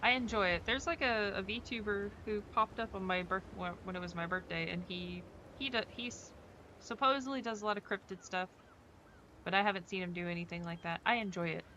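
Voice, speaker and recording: A woman's voice: mid-range voice, a little fast, sharp tone, a little hiss or hum, poor audio. A woman streaming a game, chatting casually in a rambling way full of fillers. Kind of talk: casual chat while playing a game.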